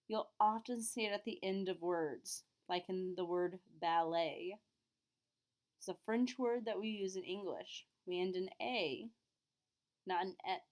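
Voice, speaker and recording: A woman French teacher explaining phrases to her students, clearly and patiently, modeling each word slowly. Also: medium pitch. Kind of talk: classroom lesson recording.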